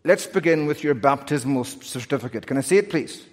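A preacher putting on a stern clerk-like angel. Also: male voice, medium pitch, expressive, fairly quick, lightly acted. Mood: officious. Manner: formal, questioning like a clerk. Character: stern officious male supervisor angel. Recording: long hall reverb.

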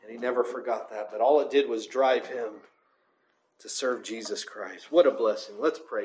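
A man's voice: mid-range voice, normal speed, a little mellow, echoey room. A man preaching a sermon as pastor, building to impassioned cries, then leading a closing prayer.

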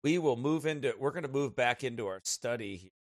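A man from the United States, a pastor telling stories in casual chat before leading a Bible study, animated and laughing as he talks. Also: mid-range voice, fairly quick, no echo, studio quality.

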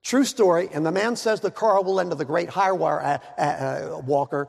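High, gravelly-voiced preacher. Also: male voice, darkish tone. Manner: dramatic, slows down to stress words, joking asides. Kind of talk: sermon. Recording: long hall reverb.

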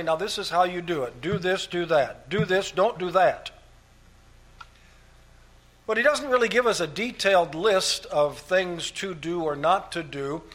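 Male pastor, emphatic sermon delivery in a somewhat high voice, hammers points by repetition. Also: a bit bright. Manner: emphatic, repeats key phrases, structured numbered points.

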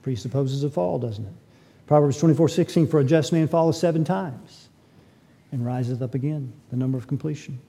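A man's voice: medium pitch, a little fast, gravelly, dark tone, slightly rough. A man preaching a sermon as pastor, emphatic and full of rhetorical questions.

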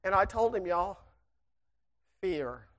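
A preacher with a mid-range voice tells the church a personal story in a folksy, animated way, then moves into fervent preaching. He takes it slowly throughout.

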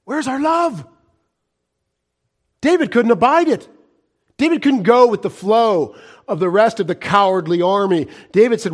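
A middle-aged male pastor preaching a fiery sermon, swinging from loud cries to hushed, low warnings. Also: expressive, a little slow, pauses often.

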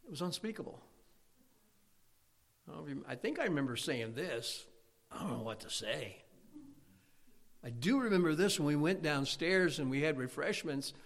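High-voiced preacher, loud then hushed. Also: male voice, lively intonation, normal speed, pauses often. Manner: swings between loud fervent preaching and quiet intimate asides. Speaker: pastor. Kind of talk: sermon.

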